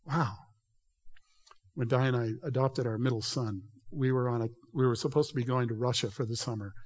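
A man's voice: medium pitch, fairly even intonation, moderate pace. A man preaching a sermon in an emphatic, conversational way, addressing the congregation directly. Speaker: pastor. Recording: reverberant hall.

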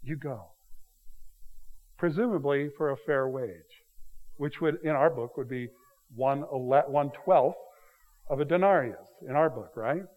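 A man's voice: mid-range voice, a little slow, long pauses, narrow, tinny audio. A man preaching an expository sermon, explaining the text in a conversational way, with rhetorical questions to his listeners. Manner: paraphrases the text with lively emphasis. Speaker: pastor.

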